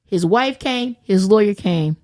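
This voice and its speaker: Brief: young adult woman guest, mid-pitched, lively profane storyteller, frequent laughter. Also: a little slow. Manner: animated, profane, laughs often. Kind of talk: casual storytelling.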